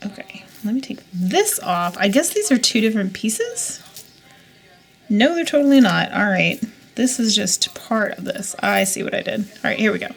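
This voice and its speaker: Gravelly-voiced woman chatting while unboxing. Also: mid-range voice, very animated, moderate pace, soft background music. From United States. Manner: chatty, rambling, muttered asides to herself. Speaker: jewelry reseller vlogger. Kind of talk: casual chat while unboxing.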